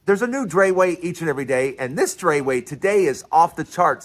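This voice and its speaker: Animated man ranting on his vlog. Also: on the high side, fairly quick. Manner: animated, repetitive, emphatic restarts. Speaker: vlog host. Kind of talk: political commentary vlog.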